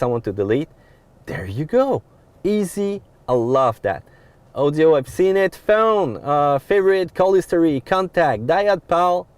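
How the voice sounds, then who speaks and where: With no room sound in the recording, a French-accented man in a pickup truck cab reviews the vehicle, his voice a little high and darkish. His casual walkthrough of the dashboard controls is loose, with frequent uh fillers and restarts.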